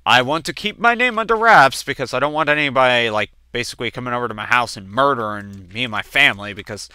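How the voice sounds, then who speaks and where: Bright, crisp-voiced man in his twenties. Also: animated, fast talker, no room sound, studio quality. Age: 20s. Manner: chatty storytelling, acts out quoted family members with sudden jumps in pitch. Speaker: gameplay commentator. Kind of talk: casual let's-play commentary.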